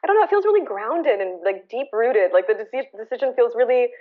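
A woman's voice: fairly high pitch, lively intonation, brisk. An American woman in her thirties, a guest artist telling a story in a casual interview, earnest and searching, full of restarts and fillers. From United States. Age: 30s. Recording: tinny phone-like line.

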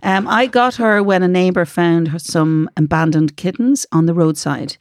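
A woman's voice: lowish voice, moderate pace, darkish tone, no room sound. Chatty Irish woman, dry close mic. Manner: chatty, laughing, reads listener letters aloud. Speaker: podcast co-host. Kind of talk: casual chat.

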